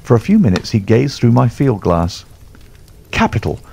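A man reading a classic story aloud as an audiobook narrator, in an expressive, measured manner. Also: medium pitch, creaky, slight background noise. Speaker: audiobook reader.

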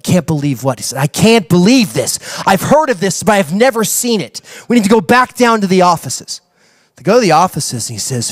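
A man preaching a sermon as a pastor, telling a story with acted-out dialogue and building to excited preaching. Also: a little high, breathy edge, no room sound. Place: church.

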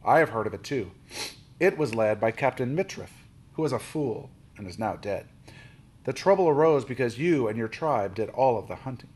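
A man voicing a blunt, bargaining Russian sea captain in a storybook, speaking slowly and brusquely. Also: mid-range voice, animated, a little mellow, husky.

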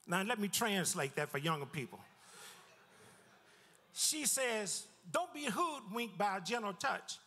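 Pastor guy preaching, high voice, lots of echo hanging in the church, repeats himself and dips way down. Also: measured pace, long pauses. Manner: lively preaching with repeated words and sudden drops in pitch. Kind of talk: sermon. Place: church sanctuary.

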